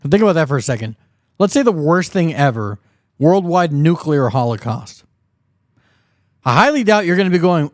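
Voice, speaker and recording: A man hosting his own commentary video, voice a touch high, picking apart a preacher's claims. He sounds indignant and mocking. The sound is close and completely dry. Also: sing-song, moderate pace, long pauses, dry recording. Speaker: host of a commentary channel.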